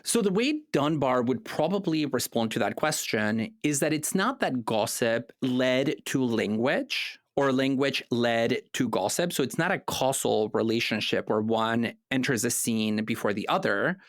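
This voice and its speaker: A man's voice: medium pitch, expressive, a little slow, hardly any pauses, no echo, studio quality. A man co-hosting a casual philosophy podcast, explaining ideas at length and laughing easily. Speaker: podcast co-host.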